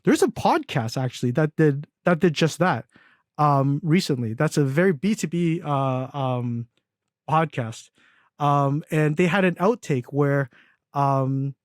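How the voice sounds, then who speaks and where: A man's voice: fairly high pitch, a little mellow, no room sound. Rambling man with a dry close sound. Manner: rambling, many fillers and restarts, laughs at own stories. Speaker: podcast guest, agency founder. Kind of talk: casual interview chat.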